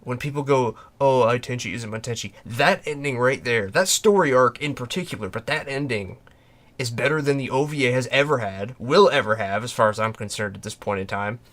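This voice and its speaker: A man's voice: medium pitch, a little fast, fairly bright tone. A man hosting a casual fan podcast, talking passionately and emphatically, often restarting and acting out quoted lines. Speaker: podcast host. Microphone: podcast microphone.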